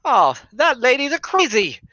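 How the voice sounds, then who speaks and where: A man's voice: very high voice, wildly swooping pitch, moderate pace, pushed and bright, dry recording, voice pushed up, full character voice. A man voicing a drunk, belligerent middle-aged male guard with slurred speech and a boastful, sneering manner. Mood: ranting.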